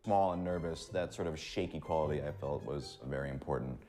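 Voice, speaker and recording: A man's voice: extremely low pitch, brisk, faint music behind. A man who is a voice actor, explaining in an interview how he makes character voices, and acting out bits of them as he goes. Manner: animated, demonstrates voices as he explains.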